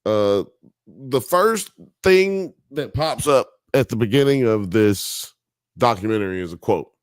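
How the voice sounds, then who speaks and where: A man's voice: mid-range voice, lively intonation, a little slow, no room sound, studio quality. Profane Southern man, rambling commentary. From Alabama. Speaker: podcast host. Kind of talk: casual commentary on a TV documentary.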